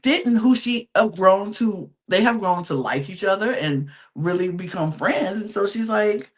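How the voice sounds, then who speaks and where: A woman's voice: medium pitch, moderate pace, few pauses. A woman hosting a podcast, chatting through a reality-show recap in a casual, emphatic way and acting out what the contestants said. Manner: chatty, animated, acts out quotes in little voices; emphatic, repeats words for effect. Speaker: podcast host.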